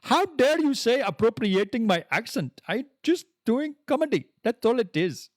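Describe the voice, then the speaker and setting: A man's voice: extremely high pitch, sing-song, moderate pace, dry recording, clean studio sound, voice pushed up. A man doing an exaggerated put-on Indian English accent as an indignant comic character.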